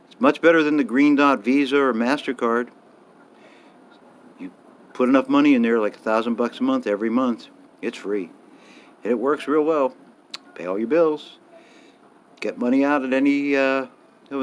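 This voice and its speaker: Older guy ranting bluntly at the camera, fed up, swears a lot. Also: medium pitch. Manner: blunt, indignant, swears freely, rising emphasis. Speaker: vlogger. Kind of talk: casual ranting monologue.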